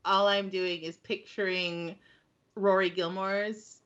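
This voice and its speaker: A woman's voice: mid-range voice, level tone, takes it slowly, fairly bright tone. A woman co-hosting a podcast, talking things through in a thoughtful, analytical way. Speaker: podcast co-host. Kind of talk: casual chat. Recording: dull lo-fi mic.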